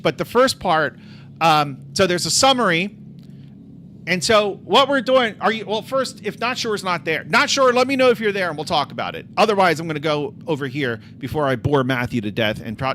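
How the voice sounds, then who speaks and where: A man's voice: fairly high pitch, big pitch swings, fairly quick, fairly bright tone, a little hiss or hum. A man streaming live, telling a rambling story with lots of fillers and swearing, then chatting about coding. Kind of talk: casual live-stream chat.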